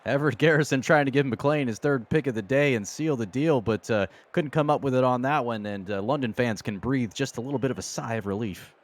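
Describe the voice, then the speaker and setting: Folksy mid-pitched color commentator man. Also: a little fast, few pauses. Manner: folksy, leans on exclamations like "boy, oh boy". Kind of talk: live esports football commentary.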